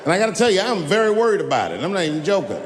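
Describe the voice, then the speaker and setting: Male stand-up comic on stage, bit high, lively pitch, shouts punchlines, laughing crowd. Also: rapid-fire, in a large hall. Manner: loose, animated storytelling with sudden shouts and put-on voices. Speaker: stand-up comedian. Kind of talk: stand-up comedy set. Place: stage before a laughing audience.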